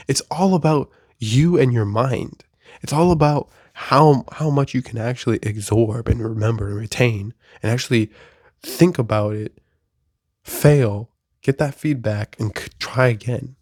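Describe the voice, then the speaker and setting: A young man talks straight to the camera from his bedroom, rambling and poking fun at himself, then building into a string of rhetorical questions. His voice is gravelly, with a middling pitch. The sound is close and dry. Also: normal speed, no room sound. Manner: rambling and self-deprecating, with restarts and fillers; rising to animated rhetorical questions. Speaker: vlogger. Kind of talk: casual confessional monologue to camera.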